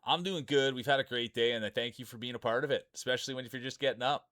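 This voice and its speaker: Male stream host calling marble races, jokey and excitable, dry close sound. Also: mid-range voice, quick pace, no room sound. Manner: jokey, excitable, laughs often while talking. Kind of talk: casual live-stream commentary.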